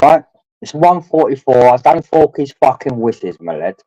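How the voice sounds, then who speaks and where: Drinking while he streams, a man rambles crudely to his livestream chat, swearing often and calling his viewers his lads. His mid-range voice is mellow with big pitch swings and a normal speed, and the dry recording has dull lo-fi stream audio.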